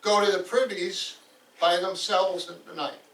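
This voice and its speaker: A stern Norse king questions his warriors, as a man puts him on. The voice sits fairly high and carries from afar. The hall adds a long echo. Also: fairly even intonation, a little slow, fairly bright tone. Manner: stern, judging. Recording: roomy hall, voice from far off.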